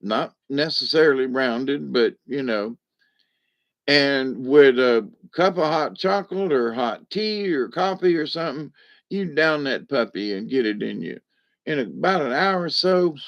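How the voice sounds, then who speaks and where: A man telling stories in a folksy, rambling way, often chuckling, in a casual monologue. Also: mid-range voice. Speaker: vlogger. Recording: dull lo-fi recording.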